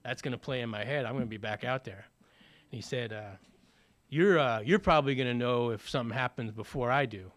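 A man's voice: mid-range voice, brisk, a bit bright. A man telling his personal recovery story in a conversational way, with many fillers and acted-out bits of dialogue. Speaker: speaker sharing a recovery story.

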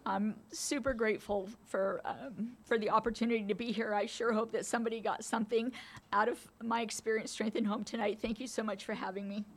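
A woman's voice: fairly high pitch, steady tone, brisk. A woman in her fifties telling candid personal stories as a speaker at a recovery meeting, laughing often. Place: meeting room.

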